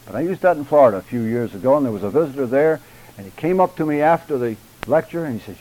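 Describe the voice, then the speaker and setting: An older man teaching a church public speaking class, deliberate and emphatic, addressing his students directly. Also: mid-range voice, lively intonation, a little mellow, rough recording.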